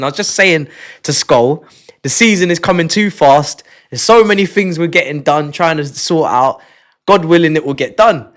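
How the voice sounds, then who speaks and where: Excitable slangy man streaming. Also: on the high side. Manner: excitable, slangy, laughing and sighing often. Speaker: livestream host. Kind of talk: casual livestream chat. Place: his home.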